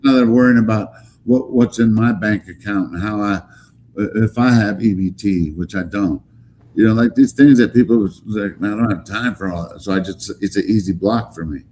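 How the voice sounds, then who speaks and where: A man hosting a casual live stream, talking in animated, profane banter with bits of Spanish slang. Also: lowish voice, moderate pace, a little hiss or hum.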